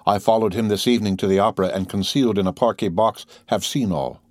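A despairing noblewoman begs for mercy for her son, read by a man in his own low voice. Her words come out pleading and urgent. The audiobook sound is dry and close. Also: quick pace, a little mellow, no room sound, close to an everyday voice. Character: desperate pleading noblewoman, mother, middle-aged. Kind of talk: audiobook character reading.

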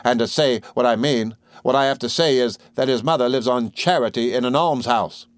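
A man's voice: medium pitch, moderate pace, no echo, voice pushed up, lightly acted. A man voicing a proud, bold older schoolboy who speaks defiantly and with scorn.

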